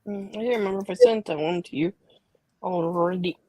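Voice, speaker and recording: A woman's voice: lowish voice, steady tone, fairly quick, a little mellow, no echo. A woman chatting casually, giggly and candid. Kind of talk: casual chat.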